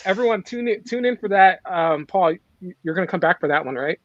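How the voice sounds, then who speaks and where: Higher-voiced male host on a dull call line. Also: expressive, a little fast, fairly bright tone, no echo. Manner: filler-heavy, upbeat. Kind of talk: casual video-call chat. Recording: dry dull call audio.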